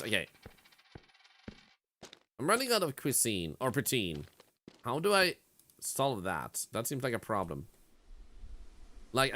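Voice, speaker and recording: A man's voice: mid-range voice, a bit bright, slight background noise. A man streaming a game, casually chatting to his viewers and to the game's characters in a playful way. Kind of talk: casual gameplay commentary.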